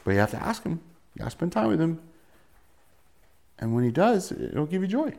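Guy preaching, lively and jokey, voice jumping all over the place. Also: fairly high pitch, brisk, vocal fry. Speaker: pastor. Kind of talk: sermon.

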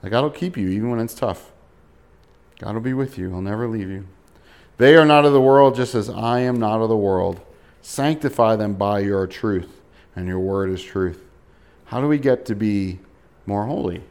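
Guy preaching, casual sermon voice, lots of rhetorical questions, gets loud then soft. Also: on the low side, moderate pace, clean tone. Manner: conversational preaching, rhetorical questions, dynamic emphasis. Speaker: pastor.

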